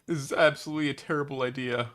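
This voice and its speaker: A young man with a bright, forward voice chats casually about tabletop games. He jokes, pokes fun at himself and keeps things laid-back. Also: medium pitch, steady tone, racing. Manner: laid-back, joking, self-deprecating. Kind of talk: casual chat.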